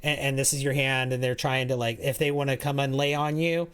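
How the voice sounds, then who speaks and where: A man's voice: medium pitch, level tone, fairly quick, fairly bright tone, clear, resonant tone. A man streaming a game, chatting casually in a rambling way, reading chat aloud and often restarting his sentences.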